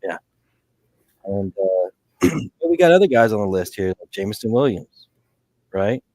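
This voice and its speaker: Male podcast co-host, deep-ish voice, loose rambling delivery, dry recording. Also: sing-song, normal speed, darkish tone, no room sound. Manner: rambling, full of restarts and fillers. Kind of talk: casual fantasy sports chat.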